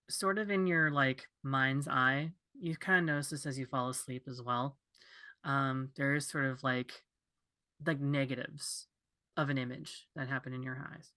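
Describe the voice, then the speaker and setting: A game master guides players through a tabletop session, slowly painting a vision with many pauses and fillers. The tone is bright and clear, at a middling pitch. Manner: loose, hesitant descriptive narration.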